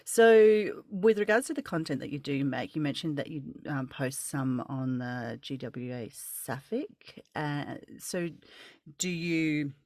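A woman's voice: deep voice, expressive, slow pace, a little mellow, dry recording, studio quality. A woman hosting a casual interview, chatty and rambling, with many restarts and laughs. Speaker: podcast host.

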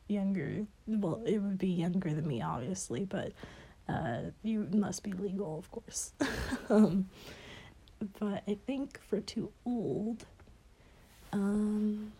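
A young woman answering questions in a casual chat, hesitant and rambling with many fillers and soft laughs, her voice a bit stuffy as if she has a cold. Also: medium pitch, breathy edge. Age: young adult.

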